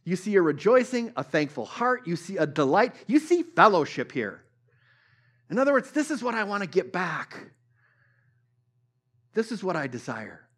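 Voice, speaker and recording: A man's voice: high-pitched, very animated, normal speed, pauses often, a bit bright. A man preaching a sermon in an earnest, conversational way, with restarts and quoted scripture. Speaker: pastor.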